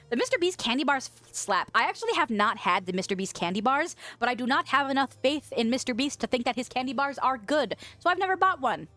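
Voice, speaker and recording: A young woman from the western US chats loosely on a stream, reading out comments and cursing freely. Her voice sits a little high and swoops around with animated pitch. Soft music plays faintly underneath. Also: fairly quick. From western United States. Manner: chatty, swears freely, laughs often. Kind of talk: casual chat reading viewer comments.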